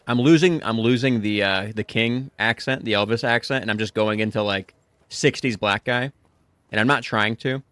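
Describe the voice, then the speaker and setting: A man's voice: lowish voice, moderate pace, a bit bright, clean tone, no echo, clean studio sound. A man streaming a video game, joking and talking to himself in casual commentary.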